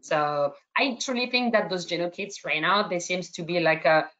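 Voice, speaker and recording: A woman's voice: lowish voice, moderate pace, a bit bright, dull audio. A woman from France with a slight French accent, moderating an online webinar Q&A in a hesitant way, full of fillers and restarts.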